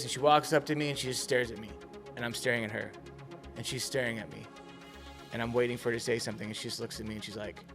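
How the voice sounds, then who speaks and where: Guy ranting about bad service, emphatic, mid pitch, faint music behind. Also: a little fast, fairly bright tone. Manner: indignant, emphatic. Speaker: restaurant reviewer. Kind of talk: storytelling commentary.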